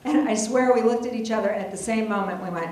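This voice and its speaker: A woman's voice: on the high side, fast, background noise. A middle-aged woman telling a comic personal story on stage, chatty and self-deprecating, with many asides. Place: stage before an audience. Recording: very echoey hall.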